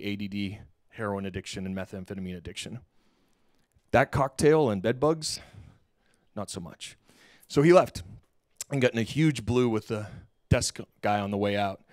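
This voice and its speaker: A middle-aged man giving a keynote talk on stage, telling a story in a lively, casual way and acting out the dialogue with slang. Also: lowish voice, no room sound, studio quality. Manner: animated, acts out quoted dialogue, casual slang. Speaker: keynote speaker. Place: lecture hall stage.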